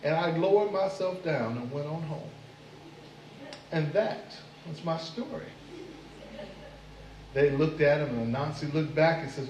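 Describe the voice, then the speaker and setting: A man telling a folk tale live at a venue, expressive with dramatic pauses. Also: fairly high pitch, a little hiss or hum. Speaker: storyteller. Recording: echoey room, mic far off.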